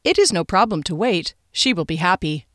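A woman's voice: on the low side, lively intonation, a little fast, a bit bright, dry recording, studio quality. A woman voicing a female customer who speaks politely in stiff, formal phrases. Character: adult woman music-shop customer, polite and stilted.

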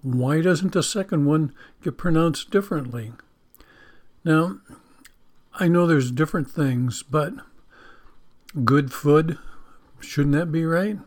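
A man preaching in an unhurried, folksy way, with a voice sitting a little above the usual male range. He teaches from the Bible, jokes about quirks of English, and leads a spoken prayer. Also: a little high, darkish tone. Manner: slow, folksy, joking about English spelling.

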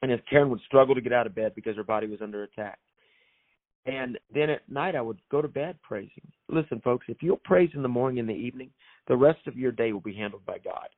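A man's voice: mid-range voice, fast talker, no room sound. A man, an author and minister, telling his faith story as a guest in an emphatic, preacherly way and repeating phrases for effect. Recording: thin phone-like sound, dry.

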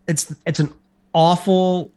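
Male podcast co-host, slightly high voice, loose rambling recap delivery. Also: little pitch movement, slow, mellow. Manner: rambling, filler-heavy retelling. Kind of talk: casual chat.

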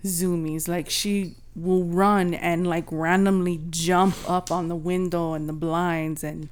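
A woman's voice: on the low side, flat delivery, takes it slowly, clear, resonant tone. A woman co-hosting a podcast, telling stories in a rambling, casual way and swearing freely. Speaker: podcast co-host. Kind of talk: casual chat.

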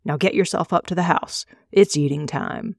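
A burly trainer gives blunt orders in a storybook reading, voiced by a woman. He is gruff and no-nonsense, his voice low and dry. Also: normal speed, darkish tone, no echo. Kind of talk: audiobook reading.

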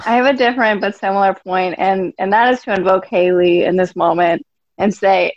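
A woman's voice: mid-range voice, steady tone, fairly quick, dry recording. Jokey woman on a dull dry mic. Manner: jokey interjections, laughs. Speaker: podcast co-host. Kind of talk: casual chat.

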